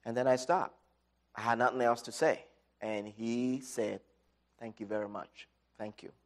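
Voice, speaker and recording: A middle-aged man giving an inspirational talk, telling a personal story with dramatic swings from loud to quiet. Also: mid-range voice, fairly even intonation, unhurried. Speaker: speaker.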